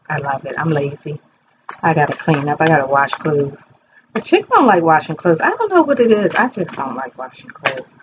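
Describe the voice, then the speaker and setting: A woman's voice: deep voice, dull audio, background noise. A woman in her fifties doing a casual tarot reading from her bedroom, chatty and rambling, talking straight to her viewers. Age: 50s. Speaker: tarot reader. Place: bedroom at home.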